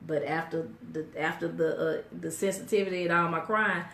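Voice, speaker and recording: A woman's voice: lowish voice, a little fast. Woman, casual co-host, teasing, roomy echo, distant mic. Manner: animated, laughing, playful teasing. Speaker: podcast co-host. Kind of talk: casual couple's chat.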